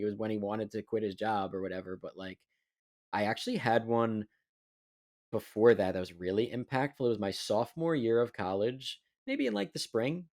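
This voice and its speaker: A man's voice: fairly low pitch, darkish tone. A young man co-hosting a podcast in casual chat, rambling with many fillers. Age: young adult. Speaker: podcast co-host.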